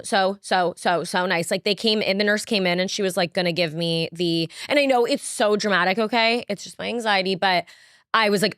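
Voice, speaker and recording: Fast-talking young woman podcast co-host. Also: on the low side, fairly bright tone, no room sound, studio quality. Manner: rambling, heavy use of "like", casual swearing. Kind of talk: casual chat.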